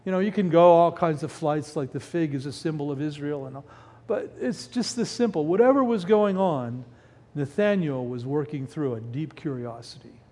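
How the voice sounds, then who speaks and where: A man preaching a sermon in a church, animated, firing rhetorical questions and breaking off mid-word. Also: fairly high pitch, moderate pace. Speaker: pastor. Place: church sanctuary. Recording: reverberant hall.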